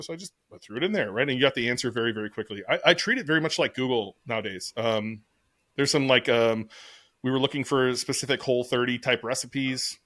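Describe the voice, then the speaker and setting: A middle-aged man co-hosts a casual podcast chat, racing through rambling, profane anecdotes. His voice is mid-pitched and recorded dry and close, with no room sound. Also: a bit bright, no echo. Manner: fast, rambling, profane storytelling. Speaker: podcast co-host.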